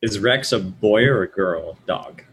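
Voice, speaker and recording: A man's voice: on the low side, animated, a little slow, fairly bright tone, breathy edge. A man playing a tabletop game, thinking aloud and hesitating with fillers. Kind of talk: casual game chat.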